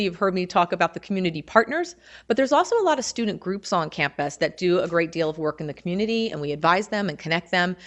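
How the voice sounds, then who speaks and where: Upbeat Baltimore woman presenting. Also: fairly low pitch. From Baltimore, Maryland. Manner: upbeat, enthusiastic, conversational. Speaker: campus service office presenter. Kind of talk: presentation to admitted students. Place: lecture hall.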